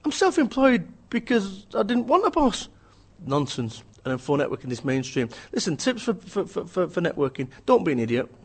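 A man's voice: high-pitched, sing-song, normal speed, few pauses, slightly rough. A man, an author and business speaker, giving a blunt, emphatic, joking rant in an interview.

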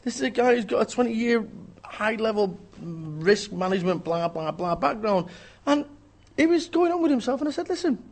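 A man's voice: high-pitched, expressive, moderate pace, few pauses. A man, an author and business speaker, talking in a blunt, ranting way, often mimicking other people's voices. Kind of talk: energetic interview talk.

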